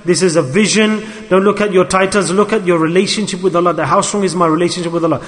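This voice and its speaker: A man with a high voice gives an earnest, repetitive sermon. He works Arabic religious terms into his English. His voice rings with a long reverb, as in a large hall. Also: fairly even intonation, fast talker. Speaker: preacher.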